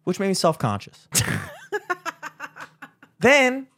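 High-voiced young man telling a rambling story. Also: slow. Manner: rambling, profane, animated, acts out voices. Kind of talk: casual storytelling chat.

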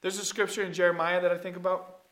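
A male pastor giving an emphatic sermon, dropping low for quiet points and rising into loud calls to the congregation. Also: little pitch movement, fast, a little hiss or hum. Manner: emphatic preaching, swings from soft asides to loud calls; talks straight to the congregation.

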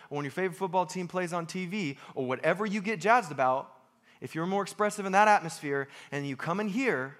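Young man, American accent, pastor, sermon, emphatic, self-deprecating, slightly high voice. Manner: lively, self-deprecating, emphatic with repeated phrases.

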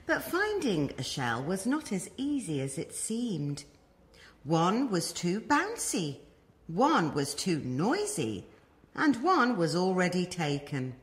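A woman reading a children's story aloud as a storyteller, expressive and animated. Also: lowish voice, slow.

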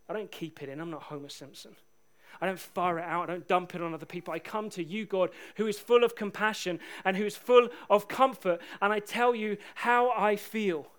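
High-voiced man preaching a sermon. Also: fast. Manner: animated, swings from shouting to hushed. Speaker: pastor.

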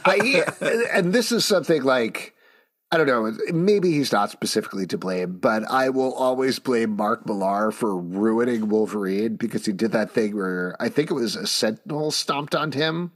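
A man's voice: mid-range voice, moderate pace. A middle-aged man co-hosting a casual comic book review podcast, acting out character lines as he talks. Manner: animated, acts out character lines mid-sentence. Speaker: podcast co-host.

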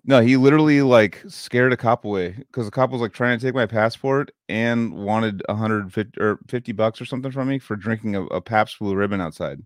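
A podcast host with a lowish voice tells stories in a loose, rambling way. His speech is full of swearing and casual asides. The recording is dry and close. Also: a little fast, few pauses, no room sound. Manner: rambling storyteller, swears a lot. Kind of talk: casual chat.

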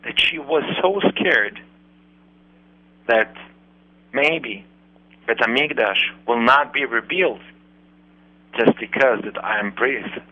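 Man, unhurried storytelling, halting English, muffled radio sound. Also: medium pitch. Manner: earnest, halting non-native English. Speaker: radio show host.

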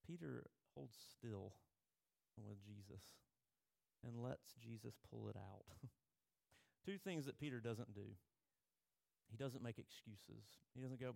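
A man's voice: medium pitch, lively intonation, a little slow, vocal fry, pauses often, a little mellow. A male pastor preaching a sermon in a conversational way, telling personal stories.

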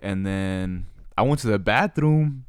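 A man's voice: on the low side, expressive, measured pace, clear, resonant tone, no room sound, clean studio sound. A young man rambling through a slangy, casual story and acting out the voices of the people in it. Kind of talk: casual chat. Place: Utah.

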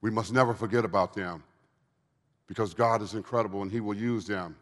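A guest speaker in his fifties shares his testimony to an audience in a large hall, where the recording carries long reverb. He speaks fairly quickly with fairly even intonation, starting low and quiet as he tells his story and building into fervent, preaching exhortation.

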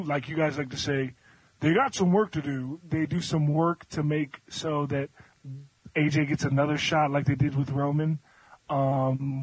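Male panelist, husky, a bit high, confident step-by-step talker. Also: no echo, low-quality recording. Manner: confident, laying out reasoning step by step. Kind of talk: casual chat, wrestling predictions.

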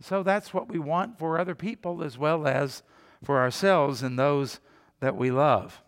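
Older male pastor, high voice, reverberant hall. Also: steady tone, measured pace. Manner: conversational preaching with asked questions and mock voices. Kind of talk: sermon. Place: church sanctuary.

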